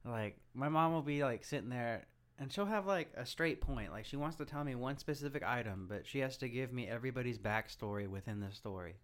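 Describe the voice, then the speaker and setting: A man's voice: medium pitch, brisk. A young man co-hosting a podcast, rambling casually with lots of filler words. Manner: rambling, heavy use of "like". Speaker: podcast co-host. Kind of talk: casual chat.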